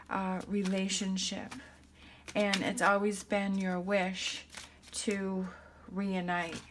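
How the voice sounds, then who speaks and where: A woman's voice: mid-range voice, background noise. A woman giving a tarot reading to her viewers, thinking aloud in a reassuring way and often checking in with "okay?". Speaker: tarot reader.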